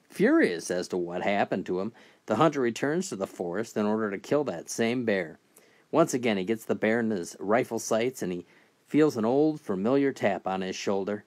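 A man telling a string of crude jokes in a steady, scripted narration voice. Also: lowish voice. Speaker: joke teller.

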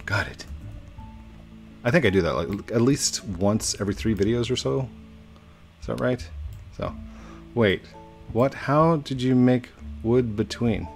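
A man's voice: lowish voice, a little mellow. A young man chatting playfully while playing a building game, laughing often and talking to his viewers. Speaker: gaming YouTuber. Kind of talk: casual gameplay commentary.

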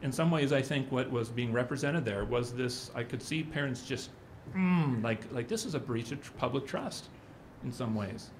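A man's voice: medium pitch, normal speed, a little hiss or hum. Middle-aged man telling a rambling story. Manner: rambling storyteller who acts out quotes. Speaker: conference speaker. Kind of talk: anecdotal conference talk.

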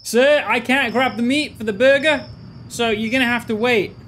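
A man's voice: normal speed, a little hiss or hum. A man putting on a pushy, cheery burger vendor. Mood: eager. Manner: loud sales pitch, hawking to customers.

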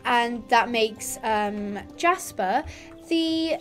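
A woman's voice: on the high side, lively intonation, drawn-out words, a bit bright, soft background music. A woman chatting casually over her gameplay, rambling and reading quest lines aloud. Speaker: gaming youtuber.

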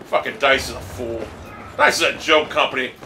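A man's voice: mid-range voice, normal speed. A man ranting angrily over his gameplay, swearing constantly and complaining in exasperation. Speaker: gamer streaming gameplay. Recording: roomy, distant mic with loud game noise.

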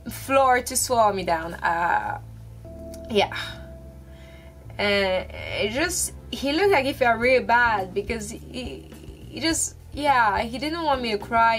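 Halting young woman vlogging, faint music. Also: mid-range voice, fairly bright tone. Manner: halting, emotional, many restarts and ums. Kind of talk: casual confessional vlog. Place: her room by a window.

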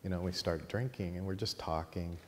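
A middle-aged man teaching a course, telling a long lively anecdote to a class and laughing at his own story. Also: low voice, fairly quick. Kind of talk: storytelling in a lecture. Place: college teaching room. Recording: long hall reverb, faint noise.

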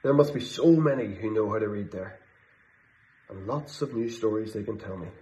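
Man reading as George, a gentle wondering bear. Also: fairly low pitch, normal speed, natural voice. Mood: eager. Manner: soft, wondering, hushed. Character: gentle curious male bear, wistful and polite. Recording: slightly muffled lo-fi sound.

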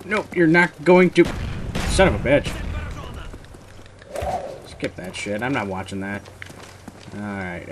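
A young man giving live commentary on his own gameplay, muttering one moment and yelling curses the next. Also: mid-range voice, very animated, takes it slowly, long pauses, slight background noise. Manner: swings from muttering to loud swearing rage. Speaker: gamer recording his match.

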